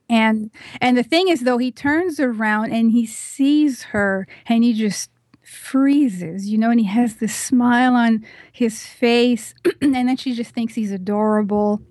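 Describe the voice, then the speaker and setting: A woman guest on a podcast, chatting casually and retelling a film scene in animated detail, with lots of "you know" fillers. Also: on the high side, dry recording.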